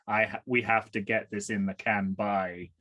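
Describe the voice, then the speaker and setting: A man's voice: fairly low pitch, flat delivery, normal speed, sharp tone, dull audio. Rambling man co-hosting a podcast. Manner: rambling, self-correcting, trails off. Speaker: podcast co-host. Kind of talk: casual chat during a movie watch-along.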